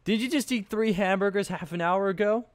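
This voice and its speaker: A reserved teenage girl, flustered and exasperated, as a man narrator puts her on. Her voice is pitched well up. The sound is dry. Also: brisk, no room sound, close to an everyday voice.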